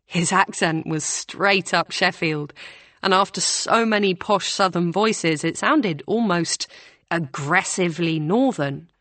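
A woman narrating an audiobook with a calm, even delivery. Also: lowish voice, slow pace, dry recording.

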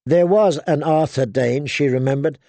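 A man reads a fantasy story aloud in a measured, even way. His fairly high voice has a gravelly edge and a mellow, soft tone. The sound is dry and close, with no room around it. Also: no echo. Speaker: audiobook narrator. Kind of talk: storybook narration of a fantasy novel.

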